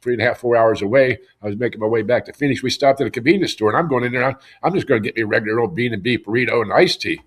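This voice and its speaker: A man's voice: medium pitch, very fast, hardly any pauses. A middle-aged man from Pennsylvania telling his own story in a podcast interview, earnest and often repeating words as he starts a sentence. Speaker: interview guest. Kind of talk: conversational storytelling.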